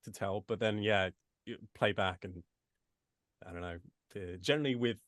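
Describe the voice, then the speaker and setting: A man's voice: fairly low pitch, normal speed, a bit bright, dry recording, studio quality. A man from the United States who speaks with an English accent, a voice actor chatting casually in an interview with many restarts and asides. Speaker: voice actor guest.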